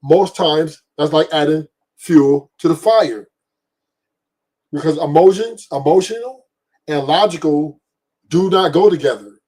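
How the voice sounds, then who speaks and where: A man's voice: on the high side, darkish tone, slightly rough, rough recording. A laid-back man, explaining his view on a talk show. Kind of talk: casual debate talk.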